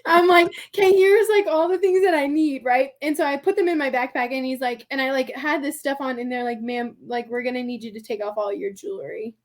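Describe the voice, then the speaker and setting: A woman with a high, light voice tells a story on a podcast, chatty and animated. She laughs often, keeps saying "like" and switches into little voices for the people she quotes. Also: a little fast, few pauses. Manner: chatty, heavy use of "like" and "I'm like". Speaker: podcast guest. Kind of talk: storytelling in casual conversation.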